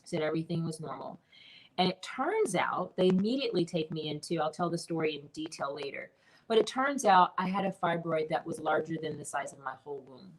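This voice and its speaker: A woman's voice: deep voice, a little fast, low-quality recording. Earnest woman telling her story. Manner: earnest, animated storytelling with quoted dialogue. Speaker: guest, business mentor. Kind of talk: personal storytelling in an interview.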